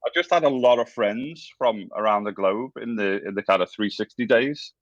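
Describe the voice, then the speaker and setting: A man in his forties with a Scouse accent talks as a podcast guest in a very deep voice. He hesitates often, filling pauses with "um" and restarting his sentences. His audio sounds dull and dry, as if it comes from a remote call. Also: no room sound. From England. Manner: hesitant, many ums and restarts. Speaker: guest, former game developer. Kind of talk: casual interview talk.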